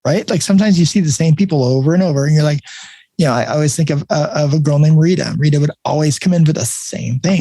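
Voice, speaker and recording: Husky man hosting a casual chat. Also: on the high side, fast, warm tone, dry recording. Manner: conversational, repeats words as he thinks. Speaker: podcast host.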